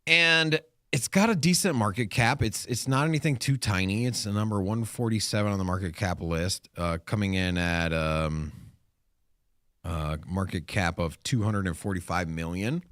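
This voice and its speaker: A man co-hosting a casual crypto talk show, animated and rambling with restarts and fillers. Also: lowish voice, normal speed, no echo, clean studio sound. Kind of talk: casual chat.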